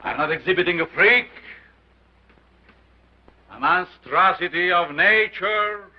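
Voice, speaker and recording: On a muffled 1930s film soundtrack, an actor plays a commanding, middle-aged mad scientist lecturing a carnival crowd. He speaks slowly in a high voice, with an unplaceable accent and a theatrical, declamatory showman's delivery.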